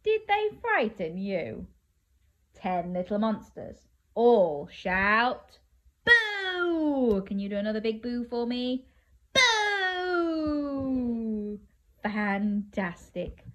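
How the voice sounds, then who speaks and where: A woman reading a children's picture book aloud, playful and animated, inviting the listener to join in, with drawn-out dramatic pauses. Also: mid-range voice. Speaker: children's story reader.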